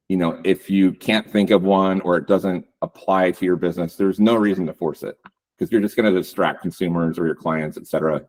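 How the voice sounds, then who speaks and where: A man giving a casual webinar talk on real estate branding, relaxed and loose with lots of ums and likes. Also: deep voice. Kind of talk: webinar presentation.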